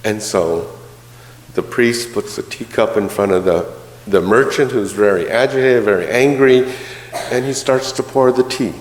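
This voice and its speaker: A man's voice: on the low side, expressive, unhurried, a little hiss or hum. A male minister giving a sermon in a conversational, storytelling way with light humor. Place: church. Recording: roomy church hall reverb.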